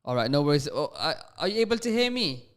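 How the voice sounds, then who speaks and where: A man hosts a live radio phone-in from the studio, coaxing young callers along with patient encouragement. His voice is smooth and resonant and sits a little higher than most men's. He drops devotional phrases between his questions. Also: very animated, fast talker. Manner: sprinkles Islamic phrases through his talk. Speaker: radio call-in host.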